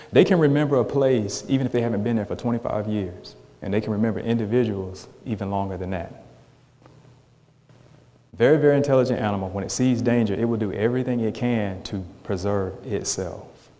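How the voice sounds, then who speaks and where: A man's voice: medium pitch, warm tone. A man preaching a sermon, conversational and joking with the congregation. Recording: echoey hall.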